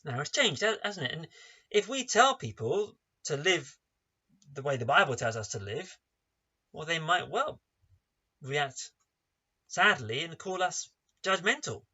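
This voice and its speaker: A man's voice: fairly high pitch, very animated, unhurried, pauses often, sharp tone, slightly rough. A man preaching a sermon for an online service, emphatic and full of rhetorical questions. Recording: dull lo-fi online service recording.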